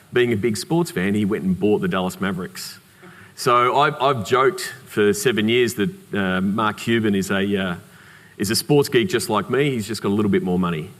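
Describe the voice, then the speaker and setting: An Australian man giving a conference keynote, telling anecdotes in a lively way with humorous asides. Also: fairly low pitch. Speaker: keynote speaker. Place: conference hall. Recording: reverberant conference hall.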